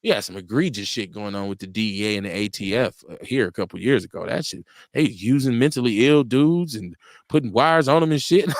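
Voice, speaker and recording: A man hosting a casual political talk show, animated and profane, laughing often. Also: a little fast, no room sound, studio quality. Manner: animated, laughs often, profane, jumps high in pitch for quoted voices. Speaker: livestream radio show host. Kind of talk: casual political talk reading chat comments.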